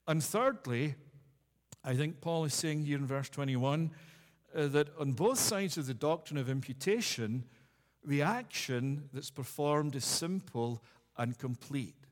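A male pastor with a notably high voice delivers an earnest communion sermon, returning again and again to key phrases for emphasis. His voice carries a long reverb from the church hall. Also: lively intonation, unhurried.

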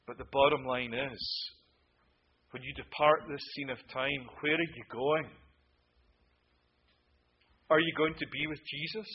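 A man preaching a sermon with emphasis, moving between loud declarations and hushed asides. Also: on the high side, moderate pace, pauses often, breathy edge, lo-fi sound.

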